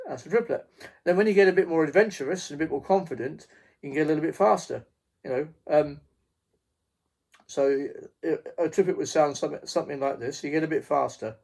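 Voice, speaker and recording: Gravelly man teaching drum basics. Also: on the high side, a little mellow. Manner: halting, many fillers and restarts, counts beats aloud. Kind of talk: casual drum lesson. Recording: faint noise with drum pad clicks.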